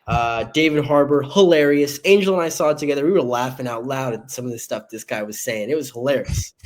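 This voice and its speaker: A man co-hosting a casual movie podcast, bantering playfully with boastful jokes and quick asides. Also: medium pitch. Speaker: podcast co-host.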